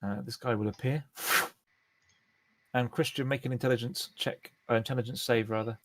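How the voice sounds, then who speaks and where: A man in his twenties or thirties, running a tabletop game online as dungeon master, talking in a relaxed, chatty way with many fillers. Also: mid-range voice, moderate pace, noisy background.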